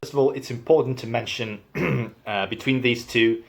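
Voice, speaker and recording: A man's voice: mid-range voice, moderate pace, vocal fry. A man in a casual vlog explaining regional accents, playful and self-deprecating with many hesitations. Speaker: video maker.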